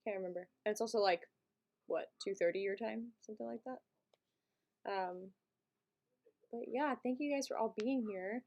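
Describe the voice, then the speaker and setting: A woman's voice: mid-range voice, normal speed, long pauses, a little mellow, muffled recording. A woman hosting a live stream, chatting casually and giggly with her viewers from a home setup. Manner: chatty and giggly, talks to chat.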